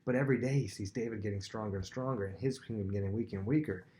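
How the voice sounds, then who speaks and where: A man with a fairly low voice teaches a Bible lesson in a relaxed, conversational way. He thinks aloud as he explains, circling back and restating his points. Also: racing, slight background noise.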